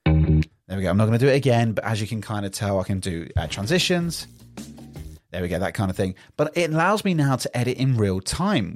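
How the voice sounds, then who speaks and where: A man's voice: medium pitch, no room sound. A man hosting a solo podcast, talking upbeat and rambling into a studio podcast microphone. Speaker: podcast host.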